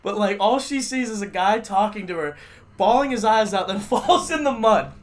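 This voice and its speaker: A man's voice: high-pitched, lively intonation, moderate pace, a little hiss or hum. A young man hosting a casual podcast, telling rambling stories and laughing often. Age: young adult. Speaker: podcast host. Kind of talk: casual chat.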